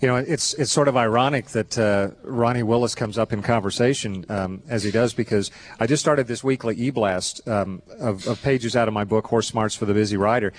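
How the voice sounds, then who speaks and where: A man hosting a live horse show, interviewing his guest in a thoughtful, halting way with frequent restarts. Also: lowish voice. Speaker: show host.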